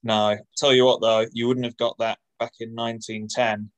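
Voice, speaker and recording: A man's voice: medium pitch, little pitch movement, moderate pace. A man co-hosting a casual podcast, telling a story in a dry manner. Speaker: podcast co-host.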